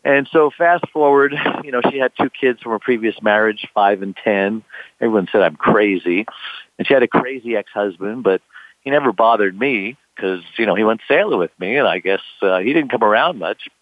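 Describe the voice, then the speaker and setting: A man's voice: on the low side, lively intonation, normal speed, no echo. An older man telling a long personal story, rambling with lots of fillers and acting out the voices of people in it. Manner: rambling, with many "you know" fillers, acts out quoted voices. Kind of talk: casual storytelling. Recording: tinny phone line, dry.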